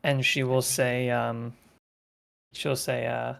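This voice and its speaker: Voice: mid-range voice, little pitch movement, slow pace, gravelly, fairly bright tone. A tabletop player asking hesitant questions about the scene. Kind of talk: casual tabletop play.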